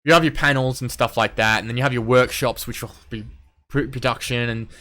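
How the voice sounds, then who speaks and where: A man's voice: medium pitch, fairly even intonation, fairly quick, bright, forceful tone. A young man, a DJ and producer, chatting casually on a podcast with lots of ums and casual swearing. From Western Australia. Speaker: guest DJ and producer.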